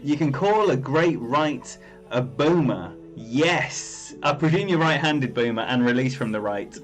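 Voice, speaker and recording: A man talking through his game live, chatty and rambling, stopping to greet viewers by name. His pitch sits in an ordinary middle range. Faint music plays underneath. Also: animated, a little slow. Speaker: game streamer. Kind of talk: live-stream game commentary.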